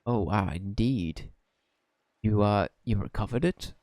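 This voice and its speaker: A formal, evasive old trader, read by a man who talks stiffly and stumbles over his words. His voice sits low and dark, mellow in tone. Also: unhurried, natural voice. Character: formal, evasive older male peddler.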